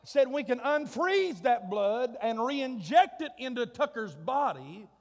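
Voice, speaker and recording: A man preaching with a drawl, his voice strikingly high for a man and ringing through a long, echoing church hall. He spins a folksy, comic story and then climbs into drawn-out shouts at the big points. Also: very animated. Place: church sanctuary.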